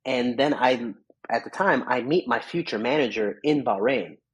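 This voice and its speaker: A young man from Chicago, an MMA fighter, telling rambling, animated stories as a podcast guest. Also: mid-range voice, moderate pace, breathy edge, rough recording. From Chicago, USA. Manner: rambling, animated storyteller, acts out quotes. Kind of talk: casual interview storytelling.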